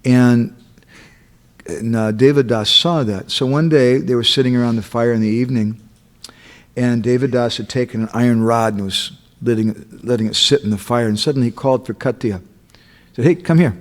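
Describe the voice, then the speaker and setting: A man's voice: medium pitch, steady tone, normal speed. A man giving a sermon, telling stories and checking in with his listeners. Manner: acts out quotes, checks in with listeners. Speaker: speaker at a temple. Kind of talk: storytelling sermon.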